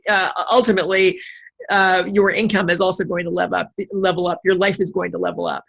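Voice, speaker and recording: A woman's voice: lowish voice, little pitch movement, fairly quick, vocal fry, fairly bright tone. A woman business coach hosting a casual conversation, affirming and encouraging her client.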